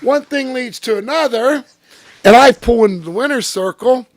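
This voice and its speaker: A man telling a story in a casual interview, profane and animated, acting out what people said. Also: very high-pitched, moderate pace, no room sound, clean studio sound. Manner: profane, animated storyteller who acts out quotes. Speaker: interview guest.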